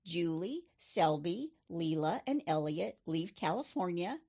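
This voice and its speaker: A woman's voice: fairly low pitch, big pitch swings, unhurried, warm tone. A middle-aged woman hosting a true crime podcast, telling the case in a chatty way with personal asides. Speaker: podcast host. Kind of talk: true crime storytelling chat.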